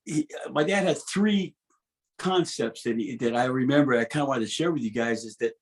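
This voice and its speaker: A man's voice: mid-range voice, moderate pace. A man in his fifties, a guest musician, telling stories in an interview with frequent restarts and laughs. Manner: animated, restarts often, laughs between stories. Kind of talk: interview storytelling.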